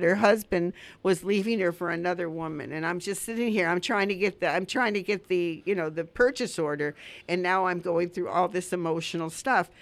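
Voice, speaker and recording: Older woman, heartfelt slow poetry reading. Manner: slow, heartfelt recitation with lively rises in pitch. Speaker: radio show host reading her poems. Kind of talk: poetry reading and casual chat.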